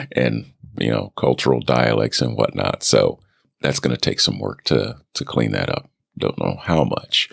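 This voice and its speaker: A man hosting his own podcast, chatting casually about his voice-over work, with relaxed, self-deprecating asides. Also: extremely low pitch, moderate pace, vocal fry, breathy edge, no echo, clean studio sound. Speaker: podcast host. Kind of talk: casual solo podcast update. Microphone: studio microphone.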